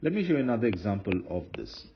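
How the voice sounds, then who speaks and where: In a dull, lo-fi lecture recording with faint noise, a man with a fairly low voice teaches Hebrew grammar, very animated and rapid-fire. He's patient, often repeating himself and fixing his slips.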